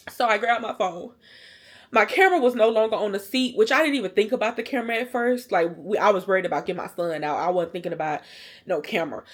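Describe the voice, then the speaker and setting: A woman vlogger telling a personal story to her viewers in a casual, animated, emotional way. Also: medium pitch. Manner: animated, colloquial, emotional retelling.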